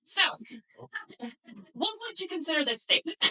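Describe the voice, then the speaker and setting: A woman's voice: extremely high pitch, very animated, unhurried, pushed and bright, far from the mic, poor audio. A woman presenting a workshop to a live audience, telling a story and acting out the quoted dialogue. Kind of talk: workshop talk with slides.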